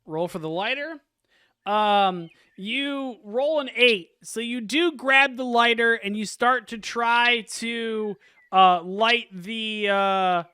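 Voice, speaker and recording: A man's voice: high voice, sharp tone, clear, resonant tone, no echo, studio quality. A man narrating as game master in a laid-back, chuckling way, with many fillers. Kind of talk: narrating a casual tabletop game.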